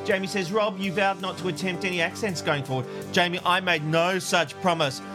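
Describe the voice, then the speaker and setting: High-voiced man hosting, with music. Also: steady tone, fairly quick. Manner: jokey, laughs often, reads comments aloud. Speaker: co-host reading listener feedback. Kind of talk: casual chat show banter.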